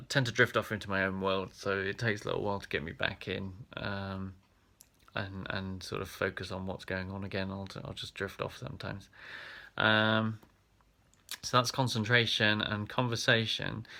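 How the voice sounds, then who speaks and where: A vlogger from England's Black Country talks through a casual, self-reflective video, rambling and hesitant with frequent ums and restarts. His voice is on the low side, pushed and bright.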